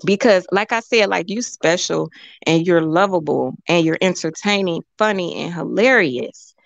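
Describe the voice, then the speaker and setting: Animated woman hosting a call-in chat. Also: fairly low pitch, normal speed, vocal fry, no echo, dull audio. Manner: animated, laughing often, rambling. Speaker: show host. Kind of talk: casual chat, call-in show.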